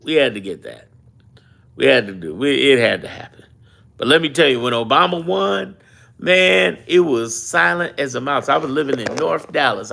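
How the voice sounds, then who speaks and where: A man's voice: mid-range voice, gravelly. A man hosting a live political stream, telling stories and chatting with his viewers. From Chicago. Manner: animated storytelling, chatting with his live chat. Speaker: political livestream host. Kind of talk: casual livestream chat with viewers.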